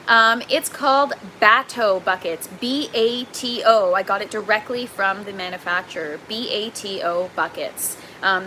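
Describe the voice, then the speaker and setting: A young adult woman with a Canadian accent, hosting a gardening livestream in an excitable, chatty way and reading viewer comments aloud. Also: fairly high pitch, slight background noise, low-quality recording. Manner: excitable, chatty, quick to laugh.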